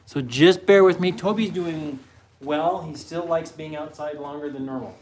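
A man's voice: fairly high pitch, normal speed, a little mellow, slight background noise, rough recording. A man in casual chat, giving practical instructions while setting up a puppy pen.

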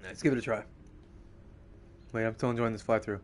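A young man giving casual, profane live commentary on a racing game, excitable and often laughing. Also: on the low side, brisk, noisy background. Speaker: streamer.

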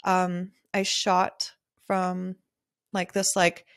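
A woman's voice: on the low side, monotone, drawn-out words, clean tone, dry recording, studio quality. A young adult woman hosting her own photography podcast, talking in a candid, chatty way, laughing often and swearing casually. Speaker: podcast host, wedding photographer. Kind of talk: casual solo podcast monologue.

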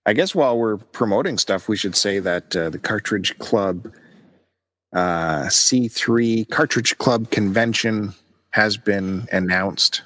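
Guy, low voice, easygoing podcast co-host, chatty and teasing. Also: takes it slowly, a bit bright. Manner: chatty, teasing, plugs events. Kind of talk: casual chat.

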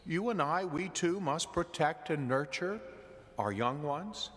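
Slow, lively priest preaching. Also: male voice, on the high side. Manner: gentle storytelling with jokes. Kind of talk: sermon. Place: church. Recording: church with long reverb.

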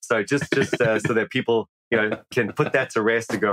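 A man's voice: fairly low pitch, fairly even intonation, fairly quick, fairly bright tone, slight background noise. A man from South Africa with a South African accent tinged with American, a pastor chatting casually as a podcast guest, self-deprecating with many restarts. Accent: South African, mixed with some American.

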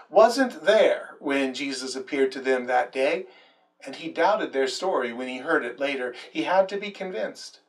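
A man's voice: on the high side, a bit bright, recorded from a distance. A male pastor preaching a sermon and telling the story dramatically, with quoted lines.

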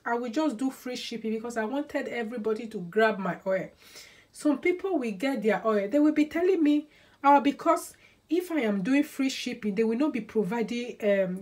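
A woman talks straight to camera in a casual vlog. Her voice sits a little on the high side. She leans hard on her points, repeating phrases over and over in an aggrieved, insistent way. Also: darkish tone. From Nigeria. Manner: emphatic and repetitive, aggrieved. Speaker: hair oil seller and beauty vlogger. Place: indoors, lives in Sweden.

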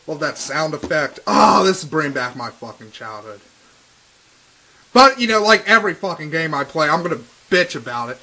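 A young man hosting a let's play, ranting and swearing in excitable, casual gaming commentary over faint game music. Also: a little high, moderate pace.

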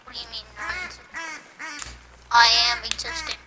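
High-pitched playful woman gamer. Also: brisk, noisy background. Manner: playful, silly, teasing. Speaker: stream co-player. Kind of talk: casual gaming stream chat.

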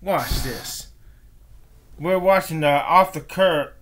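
A man's voice: fairly high pitch, takes it slowly, background noise. A man vlogging an emotional, rambling plea to camera, upset and repeating himself. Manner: rambling, repetitive, pleading. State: upset and agitated.

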